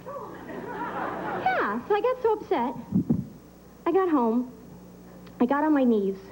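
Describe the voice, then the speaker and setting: Deadpan woman doing stand-up. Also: sits high, crowd noise, noisy background. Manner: deadpan one-liners with pauses for laughs. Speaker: stand-up comedian. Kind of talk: stand-up comedy set. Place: comedy club stage. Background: audience laughter.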